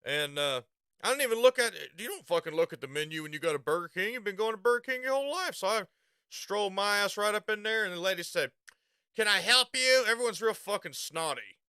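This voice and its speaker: A man's voice: high voice, expressive, fast, sharp tone, smooth, no room sound, clean studio sound. A man with a Southern US accent telling a rambling, profane story and laughing at himself. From Southern United States. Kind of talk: casual storytelling.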